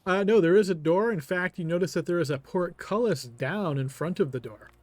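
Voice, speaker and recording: A man's voice: sits high, a little fast, a little mellow, no echo. A man narrating a tabletop game as game master, easygoing and full of filler words.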